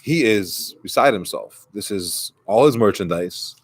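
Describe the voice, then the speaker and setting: A man's voice: on the low side, animated, a little slow, slightly rough, no room sound. A man who is a rabbi, giving a conversational sermon and retelling a story with quoted dialogue.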